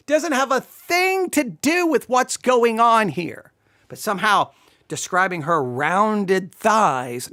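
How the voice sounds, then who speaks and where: Snarky sermon reviewer, swings all over in pitch, dry close sound, can barely keep a straight face. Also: sing-song, measured pace, a bit bright, dry recording. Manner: sarcastic, incredulous, half-laughing. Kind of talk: mocking commentary.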